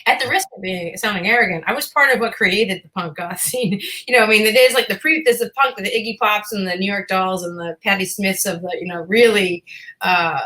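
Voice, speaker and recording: A chatty woman in her fifties from Boston tells stories as a guest on a podcast. Her voice is bright and ringing. She jokes about herself and swears casually. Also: medium pitch, a little fast, poor audio. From Boston, USA. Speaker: actress guest. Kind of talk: casual interview chat.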